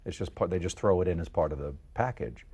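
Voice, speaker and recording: Man, middle-aged, from the Kansas City area, very deep husky voice, animated storyteller, casual interview. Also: fast. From Kansas City area, United States. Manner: animated, jumps into quoted voices. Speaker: voice-over actor, interview guest.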